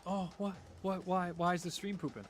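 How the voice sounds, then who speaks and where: A young man acting as game master, narrating a tabletop game with lively, animated energy and casual swearing. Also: sits high, a little fast, faint music behind.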